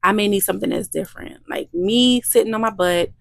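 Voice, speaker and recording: A woman's voice: mid-range voice, fairly quick, creaky, a bit bright, dry recording. A woman, a midwife hosting her vlog, talking in an emotional, repetitive, faith-filled way. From Louisiana. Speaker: midwife and channel host. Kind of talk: heartfelt vlog testimony.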